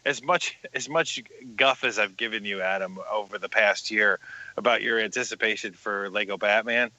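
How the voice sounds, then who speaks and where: Bright-voiced man, halting speech. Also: fairly low pitch, no echo. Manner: halting, repeats words. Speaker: podcast co-host. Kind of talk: casual podcast chat. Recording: slightly dull lo-fi audio.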